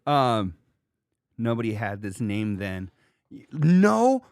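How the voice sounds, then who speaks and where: Male podcast host, casual chat, jokey and rambling, lively swooping pitch, dry close sound. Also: takes it slowly, no echo.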